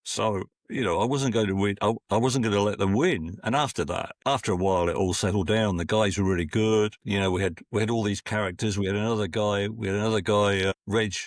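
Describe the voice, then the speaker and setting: Give me a man in his sixties from Scotland, low-pitched, telling long rambling stories with lots of restarts. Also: fairly even intonation, a little fast, hardly any pauses, no echo, clean studio sound. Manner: rambling, with frequent restarts and acted-out quotes. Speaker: podcast guest. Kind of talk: casual anecdotal storytelling.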